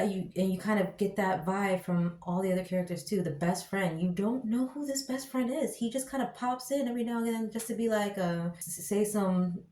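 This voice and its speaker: A woman rants about a TV show in loose, slangy, exasperated commentary. Her voice sits at an ordinary pitch for a woman. The sound carries a noticeable room echo. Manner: exasperated, slangy, animated ranting. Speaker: show reviewer. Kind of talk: casual opinion commentary. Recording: echoey room.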